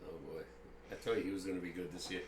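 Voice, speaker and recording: Older man, low voice, roomy sound. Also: steady tone, fast, darkish tone. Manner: reminiscing, easygoing baseball talk. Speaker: sports stream co-host. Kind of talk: casual sports chat, streamed live. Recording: roomy echo with faint background noise.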